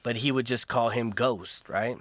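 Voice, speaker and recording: A man's voice: mid-range voice, fairly even intonation, measured pace, a bit bright, slight background noise. A man co-hosting a casual podcast, laying out his reasoning step by step. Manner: thoughtful, explaining reasons step by step. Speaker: podcast co-host. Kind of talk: casual chat.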